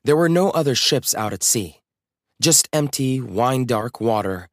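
A man reading a children's adventure story aloud in a calm, even storytelling manner. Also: medium pitch, normal speed, no echo. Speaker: narrator. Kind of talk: storybook narration.

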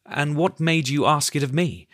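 A man doing a kindly old gentleman. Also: fairly high pitch, normal speed, no room sound, clean studio sound, voice pushed up, lightly acted.

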